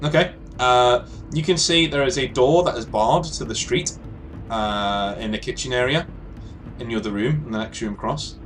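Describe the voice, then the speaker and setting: A man's voice: medium pitch, moderate pace, fairly bright tone, a little hiss or hum. A man running a tabletop game as game master, describing scenes loosely with many restarts.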